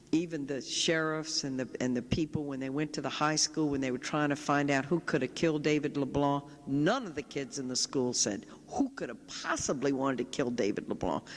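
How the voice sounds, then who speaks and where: Woman storyteller in a reverberant chapel. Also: deep voice. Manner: vivid storytelling, quotes people directly. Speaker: Catholic sister giving a public talk. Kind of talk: storytelling lecture. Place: large chapel. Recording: long reverb of a large chapel.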